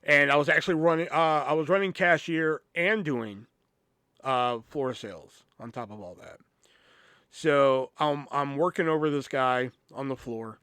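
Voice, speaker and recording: Guy telling a story on his podcast, swears a lot, says you know constantly, kinda high voice, dry sound. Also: a little slow, bright, forceful tone, smooth, no echo. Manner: profane, rambling, lots of "you know". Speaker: podcast host. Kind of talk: casual storytelling.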